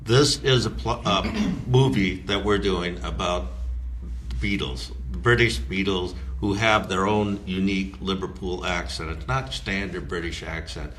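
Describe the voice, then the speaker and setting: Very deep, bright-toned man chatting. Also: steady tone, unhurried, slight background noise. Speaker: writer, college teacher. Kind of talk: casual podcast chat.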